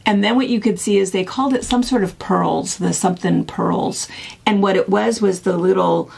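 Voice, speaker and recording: Middle-aged lady rambling away on a chat show, gravelly and a bit husky. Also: mid-range voice, moderate pace. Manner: rambling, animated storytelling. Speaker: co-host. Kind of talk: casual chat.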